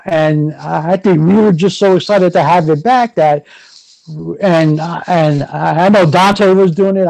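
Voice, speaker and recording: A man hosting a casual podcast chat, excitable and full of "you know" fillers. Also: sits high, creaky, no room sound, low-quality recording. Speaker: podcast host.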